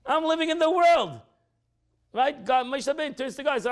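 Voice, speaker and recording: High-pitched, animated rabbi teaching a class. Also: male voice, moderate pace, long pauses. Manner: acts out quoted speech with pitch jumps, repeats phrases.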